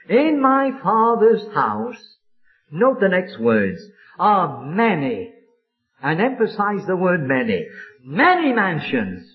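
A man preaching a sermon with fervent, drawn-out emphatic phrases, from an old recording. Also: on the high side, muffled recording.

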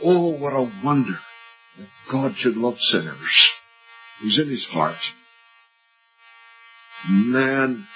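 An older male preacher giving an earnest evangelistic sermon at a church meeting, climbing high on questions and dropping low and soft on key lines. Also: expressive, slow pace, pauses often, a little hiss or hum. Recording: muffled lo-fi recording with faint music.

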